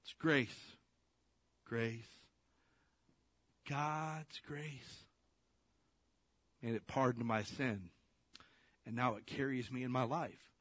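A man's voice: medium pitch, steady tone, measured pace, pauses often, no room sound. A man preaching a sermon in a casual, direct way, putting rhetorical questions to his listeners.

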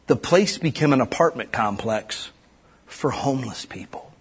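A middle-aged pastor from Ohio delivers a lively sermon, pushing hard on his exhortations and dropping low for quiet asides. His voice is husky, sitting at an ordinary pitch for a man. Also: moderate pace. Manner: animated preaching, swinging from loud urging to hushed asides.

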